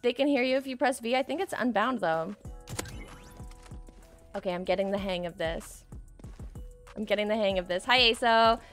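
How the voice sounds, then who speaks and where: A young woman doing casual commentary while playing a shooter game, excitable and screaming often, laughing and swearing between calmer stretches. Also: mid-range voice, moderate pace, pauses often, soft background music. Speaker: gaming streamer.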